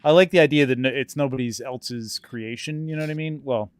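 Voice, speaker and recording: Smooth-voiced man, chatty and animated. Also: mid-range voice, a little fast, dry recording. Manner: animated, laughs a lot, "you know what I mean". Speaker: toy photographer, podcast co-host. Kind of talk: casual chat.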